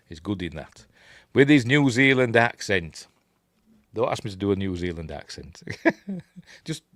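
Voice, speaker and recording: A man's voice: lowish voice, no room sound, studio quality. A man with a Yorkshire accent giving a casual, rambling film commentary, chatty and self-deprecating, muttering asides to himself. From Yorkshire, England. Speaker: film reviewer.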